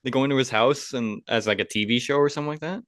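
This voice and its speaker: A man's voice: medium pitch, very fast, a bit bright, no echo, studio quality. A man co-hosting a movie podcast, chatting enthusiastically and with strong opinions, laughing often. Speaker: podcast co-host. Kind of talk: casual movie chat.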